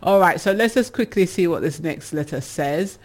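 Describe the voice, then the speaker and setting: A woman's voice: fairly low pitch, animated, normal speed, darkish tone. A woman hosting a casual advice show, reading listener messages and teasing them with laughter. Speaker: radio advice show host.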